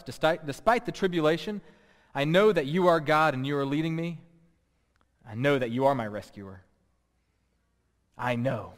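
A man's voice: mid-range voice, natural voice. A man voicing an anguished Jesus who prays in plain, informal modern words. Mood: resigned. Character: Jesus as grown man, anguished, pleading casually. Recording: long reverb.

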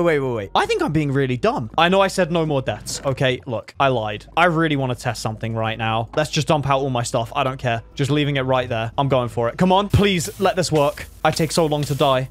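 Excitable man narrating gameplay. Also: a little high. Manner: excitable, yelps and laughs, self-mocking. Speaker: gaming YouTuber. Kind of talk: energetic gameplay commentary.

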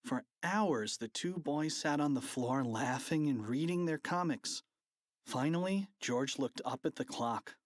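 A playful, expressive narrator reading a children's audiobook. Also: medium pitch, unhurried, dry recording, studio quality.

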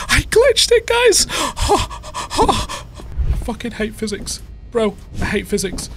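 A man's voice: extremely high pitch, huge pitch swings, slow pace, a bit bright. A young man playing a horror game on video, panicky, swearing constantly and screaming. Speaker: gaming video host. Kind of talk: horror game let's play commentary. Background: game music.

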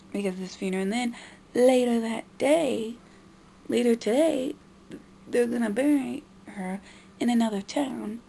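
A woman's voice: vocal fry, mellow, slight background noise. A young woman vlogger venting in a frustrated monologue about her family. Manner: frustrated, mimicking others in a high nagging voice.

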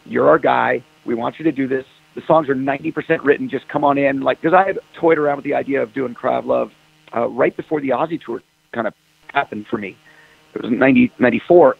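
A man's voice: medium pitch, vocal fry, husky. A man, a rock singer, telling stories in a casual interview and acting out phone calls in quoted voices. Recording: dry tinny phone line.

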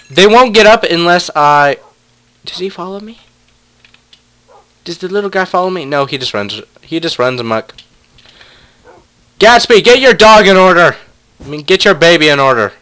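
A man's voice: fairly high pitch, bright, forceful tone. A young man casually commentating a block-building game, playfully talking to his pet wolves. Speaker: let's play gamer.

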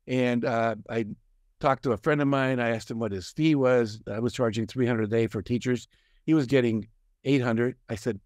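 Older male guest, animated storyteller, medium pitch, dry close sound. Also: fairly quick, no echo. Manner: animated storyteller, acts out quoted voices. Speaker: guest, success coach and author. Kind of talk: storytelling in a conversation.

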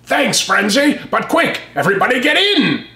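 A man voicing a shouting evil robot commander from a cartoon-style comic story, shouting his orders. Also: very high voice, sing-song, normal speed, roomy sound, voice pushed up, full character voice. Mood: commanding.

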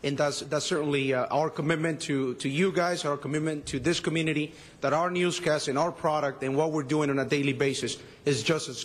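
A man's voice: mid-range voice, in a large hall. A man who works as a news anchor giving an earnest acceptance speech, repeating words as he goes. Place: city council chamber.

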